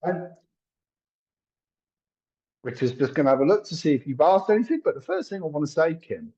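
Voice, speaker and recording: A man's voice: a little high, very animated, fairly quick, warm tone, slightly rough, highs cut off. A man doing a live psychic reading, chatty and apologetic, thinking aloud with lots of fillers. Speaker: psychic medium.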